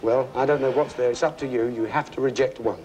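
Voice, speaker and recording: A man's voice: mid-range voice, steady tone, fast talker, background noise. A man hosting a television game show, chatty and jokey, talking to contestants and a studio audience. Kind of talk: upbeat studio presenting.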